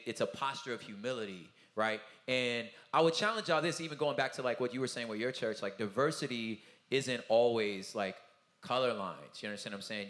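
This casual conference talkback features a touring Christian music artist, a man with a mid-range voice who rambles loosely. He acts out the people he quotes, keeps adding "you know what I'm saying," and the recording has the roomy sound of an event hall.

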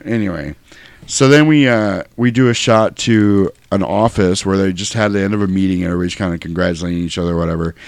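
A man co-hosting a podcast, chatting casually and profanely about a movie and slipping into quick impressions. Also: sits low, no echo. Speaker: podcast co-host. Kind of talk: casual movie-review chat.

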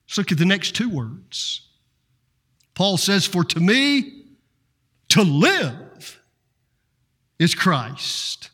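A man preaching a sermon, slow and dramatic, with repeated refrains and rhetorical questions. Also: sits high, very animated, fairly bright tone, husky. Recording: reverberant hall.

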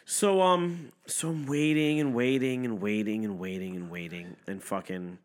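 A man's voice: medium pitch, moderate pace. A man co-hosting a podcast, telling stories in casual chat with a lot of swearing, often acting out the other people in them. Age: adult, parent. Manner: profane, animated storytelling with voiced impressions. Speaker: podcast co-host.

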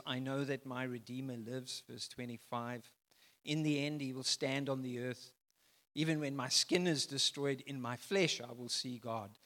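A man preaching a sermon, emphatic, swinging from loud declarations to soft, quiet phrases. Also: mid-range voice, in a large hall. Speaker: pastor.

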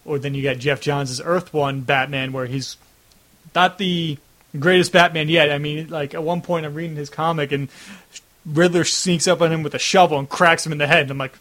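Young male host, light higher voice, rambling, filler-heavy, acts out reactions, video call. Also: fairly even intonation, moderate pace, fairly bright tone. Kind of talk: casual video-call chat.

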